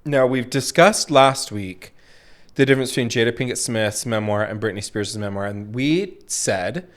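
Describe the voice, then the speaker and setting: A man co-hosting a casual podcast, chatting in an animated way and often slipping into playful put-on voices. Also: medium pitch, normal speed. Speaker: podcast co-host.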